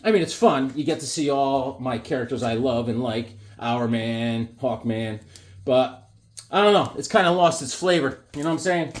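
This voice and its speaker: A man casually showing his drawings and comics to viewers, animated and jumping into quick silly voices. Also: medium pitch. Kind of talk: casual chat to camera.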